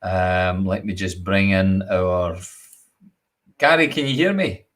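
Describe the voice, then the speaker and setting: Scottish man, chat show host, jokey, casual, slightly low voice. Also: slow pace, a bit bright. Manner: jokey, chatty, laughs often.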